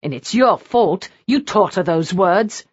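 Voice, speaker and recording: A woman's voice: lowish voice, animated, unhurried, breathy edge, dull audio. A woman narrator voicing a plaintive young brother who grumbles and complains.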